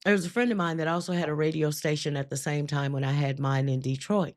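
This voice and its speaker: A woman hosting a live stream, telling her testimony with emphatic, drawn-out storytelling and frequent laughter. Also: sits low, level tone, darkish tone. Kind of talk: spoken testimony to a live chat.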